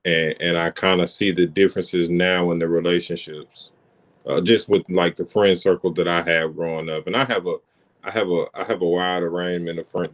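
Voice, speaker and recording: A man in a casual podcast chat, talking thoughtfully and reflectively about family as a father. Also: low voice. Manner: thoughtful, reflective, with frequent restarts. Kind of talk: casual conversation.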